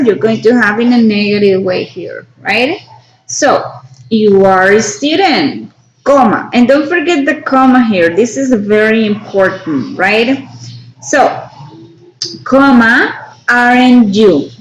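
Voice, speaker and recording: A woman teaching an English grammar lesson, her voice sitting a little high. She explains each step slowly and checks in with the class again and again. The room rings with a clear echo. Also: slight background noise. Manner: slow, explanatory, frequent tag "right?". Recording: echoey room.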